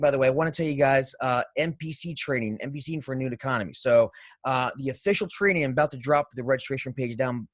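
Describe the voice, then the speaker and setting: Male co-host, mid-pitched, energetic rambling chat, dry sound. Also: no room sound. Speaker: podcast co-host. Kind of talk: casual live-stream chat.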